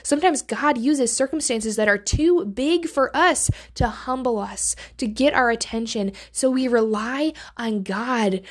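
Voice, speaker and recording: A woman teaches from the Bible on a devotional podcast, with a fairly high voice. She speaks earnestly and often sinks into a hushed, breathy near-whisper to stress a point.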